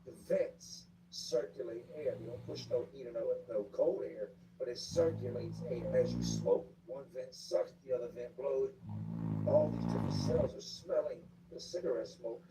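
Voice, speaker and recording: Former inmate, gravelly, lively pitch, slangy storyteller; distant mic, noisy room. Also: male voice, normal speed. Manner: street slang, acts out voices of other inmates. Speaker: former inmate telling prison stories. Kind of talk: casual storytelling. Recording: distant mic with clear background noise.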